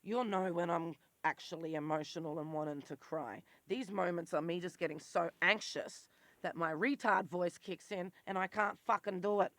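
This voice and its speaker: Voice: mid-range voice, moderate pace, fairly bright tone, dry recording. Blunt, swearing Australian in their forties. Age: 40s. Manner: blunt, swears freely, intense and rambling. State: voice worn, turns squeaky when worked up. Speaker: vlogger. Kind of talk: candid personal monologue.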